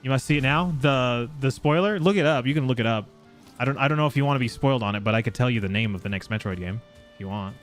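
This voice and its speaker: A man live-streaming a game, chatting casually and excitably with his viewers and swearing freely. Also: on the low side. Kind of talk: casual live gameplay chat.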